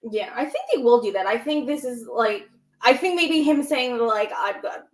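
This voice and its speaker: Woman, co-host, slightly high voice, animated storytelling, echoey room. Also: moderate pace. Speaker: podcast co-host. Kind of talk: casual chat, retelling scenes. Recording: roomy echo.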